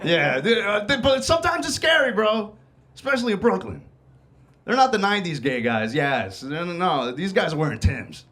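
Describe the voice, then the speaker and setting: A man's voice: high voice, sing-song, moderate pace, pushed and bright. A man hosting a comedy show, doing a casual, profane stand-up set on a club stage. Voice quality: casual, profane, laid-back delivery.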